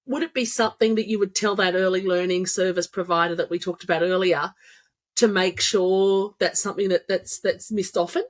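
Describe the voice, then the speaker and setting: A woman hosting a podcast, asking friendly, halting questions with frequent fillers. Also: medium pitch, fairly even intonation. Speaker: podcast host. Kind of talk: interviewing a guest.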